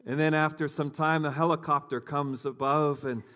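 Male pastor, conversational storyteller, a bit higher-pitched, talks straight to the congregation. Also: fairly even intonation, moderate pace, pushed and bright. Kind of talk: sermon.

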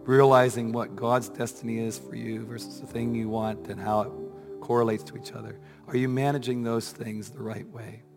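A man's voice: mid-range voice, little pitch movement, normal speed, creaky, in a large hall, music in the background. A male pastor with a weak, strained voice preaching a sermon in a church, asking earnest questions and building to emphatic peaks. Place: church sanctuary.

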